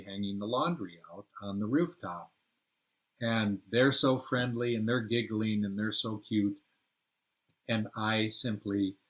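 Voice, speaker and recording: An older man hosting a podcast, telling personal travel stories in a rambling way and searching for words. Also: fairly low pitch. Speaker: podcast host and storyteller.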